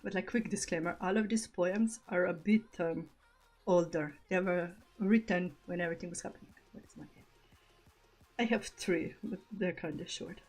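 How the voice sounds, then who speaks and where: A woman hosting a live stream in casual chat, often laughing at herself and reading her own poems aloud. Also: medium pitch. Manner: giggly, self-conscious, breaks into laughter. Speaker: streamer host.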